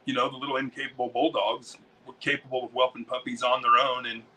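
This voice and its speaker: An American man, a dog breeder and interview guest, telling stories in a rambling, excitable way full of swearing. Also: mid-range voice, quick pace, husky, distant mic, poor audio. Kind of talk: casual storytelling.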